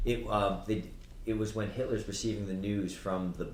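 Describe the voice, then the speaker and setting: A man's voice: lowish voice, moderate pace, slight background noise. A man telling funny stories in casual chat with friends, laughing often. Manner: animated storyteller, laughing. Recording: echoey room.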